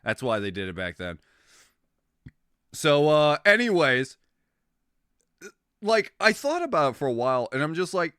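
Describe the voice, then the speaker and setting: A man chatting on a stream, rambling and excitable, swearing freely as he goes. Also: a little high, a little slow, pauses often, clear, resonant tone, no echo, clean studio sound. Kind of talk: casual stream chat.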